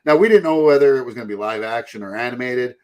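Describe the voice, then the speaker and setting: A mid-range male voice, quick-talking, belongs to a podcast host. He chats casually, wandering off topic, swearing, and doing mocking impressions.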